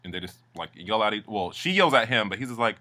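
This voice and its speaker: Give me a gossipy man recapping TV, with a bright, forceful tone. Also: lowish voice, expressive, quick pace. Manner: chatty, gossipy, lots of fillers. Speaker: reality show recapper. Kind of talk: casual recap with swearing.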